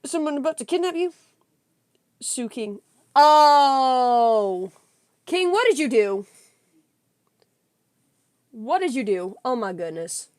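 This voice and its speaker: A young woman chats with her stream audience in a bright, high voice that leaps all over the place. She tells stories excitably and giggles often. The sound is dry and close to the mic. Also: moderate pace, pauses often, no room sound. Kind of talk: casual livestream chat with viewers.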